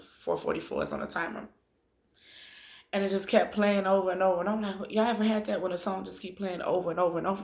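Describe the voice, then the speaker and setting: Woman, thirties, deep gravelly voice, tearful personal vlog talk, echoey room. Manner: conversational, addresses viewers directly, drawn-out filler pauses. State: tearful after crying. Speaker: spiritual vlogger. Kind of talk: emotional personal storytelling.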